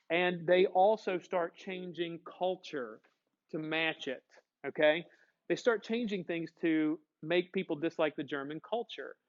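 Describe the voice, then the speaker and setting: Guy teacher lecturing a class, kinda high voice, jokey, dull lo-fi recording. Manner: chatty, joking, asks the class questions.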